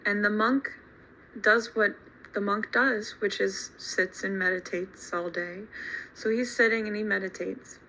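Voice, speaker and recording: A woman teacher telling a story to her class in an animated, emphatic way. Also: mid-range voice, unhurried, a little hiss or hum, poor audio. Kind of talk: storytelling lesson.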